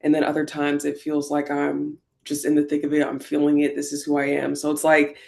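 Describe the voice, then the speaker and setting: A woman's voice: low voice, monotone, a little fast, gravelly. A woman vlogger talking candidly and reflectively while getting ready, often using fillers and sometimes close to tears. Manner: reflective, soft-spoken, many fillers; emotional, near tears at times. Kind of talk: candid get-ready-with-me talk.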